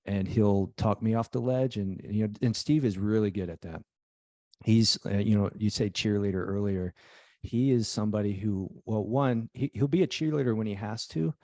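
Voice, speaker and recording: A man co-hosting a business podcast in a relaxed, conversational way, often acting out what people say. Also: on the low side, normal speed, no room sound, studio quality. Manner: relaxed, conversational, acts out quotes. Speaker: podcast co-host, business owner. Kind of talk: casual business podcast chat.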